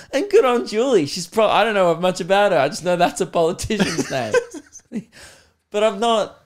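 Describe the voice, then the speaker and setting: Australian man, young adult, podcast host, slightly high voice, crude sarcastic rant, frequent laughs. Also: expressive, moderate pace. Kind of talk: casual comedic rant.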